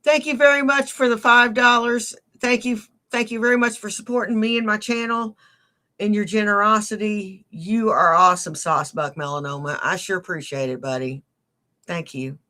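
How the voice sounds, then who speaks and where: Bright-voiced woman live-stream host. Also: medium pitch, steady tone, normal speed. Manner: chatty, thanks donors and greets viewers by name; blunt, teasing insults. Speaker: livestream host. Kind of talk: casual live-stream chat.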